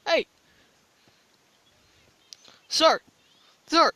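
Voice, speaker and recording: Excitable high-voiced woman gamer. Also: takes it slowly, dry recording, poor audio. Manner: excitable, yelling taunts, giggly. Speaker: gamer recording gameplay. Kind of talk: casual gameplay commentary.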